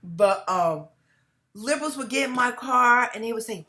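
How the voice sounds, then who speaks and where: A woman's voice: on the high side, normal speed, sharp tone. A middle-aged woman hosting her own commentary channel, talking to viewers in an emphatic way that repeats phrases and breaks into laughs between points.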